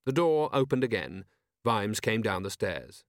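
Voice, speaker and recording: Male audiobook narrator, wry, animated pitch, dry studio sound. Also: a little slow, no room sound.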